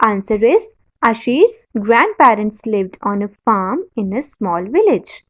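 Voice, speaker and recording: A woman's voice: fairly high pitch, big pitch swings, unhurried. A woman teacher with an Indian English accent reads a story passage to young pupils, explains words and spells them out letter by letter. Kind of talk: classroom lesson, reading a passage and spelling words.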